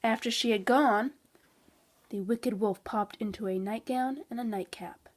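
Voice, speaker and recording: Woman, storybook reading for children, calm and expressive, fairly high voice. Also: measured pace. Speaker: storybook reader.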